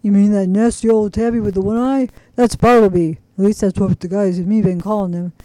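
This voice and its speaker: A woman voicing a gruff, low-voiced old junkyard keeper with a dry sense of humor in a storybook reading. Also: steady tone, fairly quick, warm tone, no room sound, lightly acted, poor audio.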